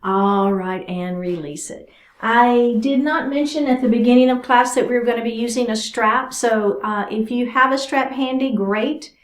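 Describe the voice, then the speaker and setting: A woman's voice: on the high side, steady tone, moderate pace, few pauses. A woman teaching a chair yoga class, giving chatty, encouraging cues while doing the stretches herself. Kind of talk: guided exercise class instruction. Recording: roomy echo.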